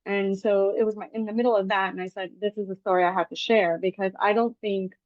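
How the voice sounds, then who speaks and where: A woman hosting a podcast, chatting casually and telling lively stories with animated quoted asides. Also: mid-range voice, fast talker, no room sound. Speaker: podcast host. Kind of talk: casual interview chat. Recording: dull, dry lo-fi podcast audio.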